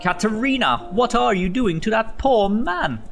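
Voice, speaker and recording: A man voicing a fussy, grumbling middle-aged bank manager in an animated storybook. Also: high voice, measured pace, gravelly, soft background music, voice pushed up, full character voice. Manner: grumbling, dismissive.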